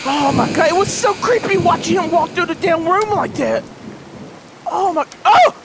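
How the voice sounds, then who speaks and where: Frantic, high-voiced man yelling at a horror game. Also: expressive, a little fast, creaky, background noise. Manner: frantic, shouting and pleading, then muttering low. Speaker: gaming channel host. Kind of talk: horror let's play commentary.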